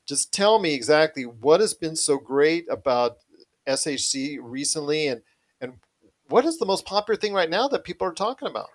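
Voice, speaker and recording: A man's voice: fairly high pitch, very animated, normal speed. A man hosting a podcast, chatting casually and enthusiastically, often repeating himself. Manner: enthusiastic, repetitive. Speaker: podcast host. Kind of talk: casual chat.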